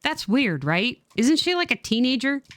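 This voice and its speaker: A woman streamer giving casual game commentary in an animated, sarcastic way, with plenty of swearing. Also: high-pitched, moderate pace, no room sound.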